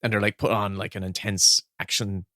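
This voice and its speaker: A man's voice: lowish voice, a little fast, dry recording, studio quality. A man co-hosting a podcast, telling stories with lots of laughing during casual chat about films. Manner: laughs often, animated storytelling. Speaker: podcast co-host.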